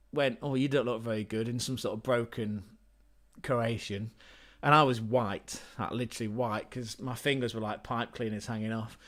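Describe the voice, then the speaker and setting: A man's voice: mid-range voice, fairly bright tone. Chatty, sweary English man on a livestream. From England. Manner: swears freely, rambling anecdotes with laughs. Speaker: livestream host. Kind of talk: casual livestream storytelling.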